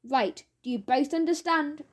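Woman reading as a firm male teacher in a children's story, measured and fair, fairly high voice. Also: natural voice. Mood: stern. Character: stern but fair male schoolteacher.

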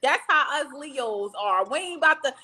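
Co-host, woman: high, lively, bright voice, blunt and profane. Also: moderate pace, crowd noise. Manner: loud, blunt, profane, laughing. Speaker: podcast co-host. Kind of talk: casual chat.

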